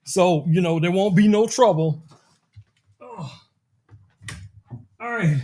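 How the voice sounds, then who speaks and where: A man hosting a casual live tech stream, demoing gadgets with an animated, joking manner and talking straight to his viewers. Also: high voice, slow pace. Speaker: tech livestream host.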